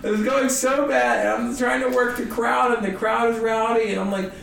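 High-voiced man telling a comic story. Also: moderate pace, creaky, reverberant, far from the mic, slight background noise. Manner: animated, self-mocking storytelling. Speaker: comedian guest. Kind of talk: storytelling conversation.

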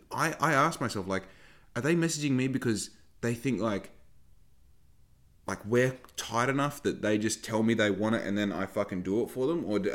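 A young man with a deep, low-pitched voice talks frankly on his podcast. His delivery is casual and meandering, sprinkled with swearing and asides as he circles back to his point. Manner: swears freely, rambling and frank. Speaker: podcast host and small business owner. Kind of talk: casual rambling monologue.

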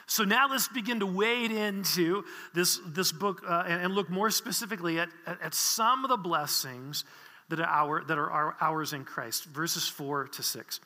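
Male preacher, earnest and explanatory, sharp high voice, big reverberant church. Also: normal speed. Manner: earnest, explanatory teaching with frequent restarts. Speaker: pastor. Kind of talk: sermon.

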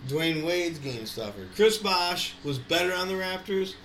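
Casual male co-host, bright tone, rambling sports and dog talk energy, echoey room recording. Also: high voice, measured pace. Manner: rambling, profane, animated. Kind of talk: casual chat. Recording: echoey room, faint background noise.

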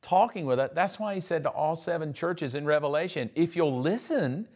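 A man's voice: on the high side, lively intonation, normal speed, darkish tone. Pastor guy giving a sermon, chatty, acts out the quotes. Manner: conversational, acts out quoted voices.

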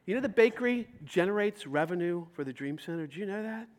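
A man preaching a sermon as pastor, telling stories with lively acted-out dialogue and rising to loud emphasis. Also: high voice, quick pace, a little hiss or hum. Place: church sanctuary.

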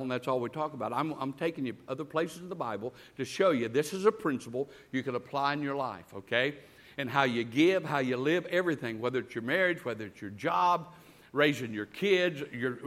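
A man preaching a sermon, telling stories and calling out to the congregation for amens. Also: mid-range voice. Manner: animated storytelling preacher, calls out to the congregation. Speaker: guest preacher.

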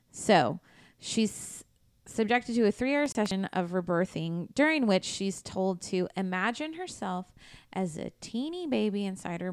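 A woman's voice: medium pitch, clear, resonant tone, no room sound, clean studio sound. A woman podcast host casually retelling a true crime case in a blunt, profane, conversational way.

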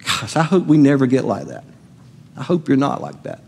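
A man's voice: medium pitch, wildly swooping pitch, normal speed, creaky, darkish tone, breathy edge. A middle-aged man preaching a sermon as pastor, conversational and asking the congregation questions. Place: church sanctuary. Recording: long hall reverb.

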